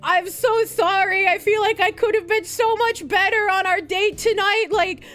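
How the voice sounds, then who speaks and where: A woman voicing a panicky, self-pitying young man who rushes through whiny, tearful apologies. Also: very high voice, steady tone, a bit bright, pitched above the performer's own voice.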